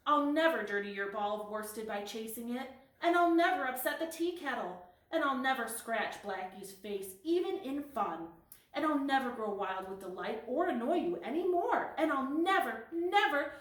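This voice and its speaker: Brief: weepy little girl kitten, high tearful pleading, roomy far-off sound, read by a woman. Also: lively intonation, quick pace, few pauses, darkish tone. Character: small weepy girl kitten, remorseful and rambling. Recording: roomy, distant recording.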